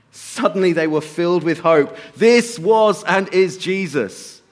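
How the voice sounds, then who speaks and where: Man preaching with a story. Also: high voice. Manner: storytelling, shifts between soft slow emphasis and raised bursts. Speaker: pastor. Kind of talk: sermon.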